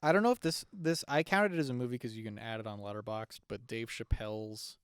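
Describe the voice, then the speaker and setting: A young man co-hosts a podcast in casual chat, talking fairly quickly in a mid-range, slightly bright, clear and resonant voice. He rambles with lots of fillers and restarts, and the recording is dry and studio-clean.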